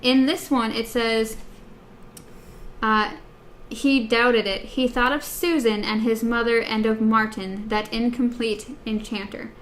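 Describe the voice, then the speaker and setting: A woman's voice: fairly high pitch, fairly even intonation, takes it slowly, fairly bright tone, slight background noise. A woman co-hosting a book podcast in casual chat, hesitant with many fillers as she compares text versions. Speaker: podcast co-host.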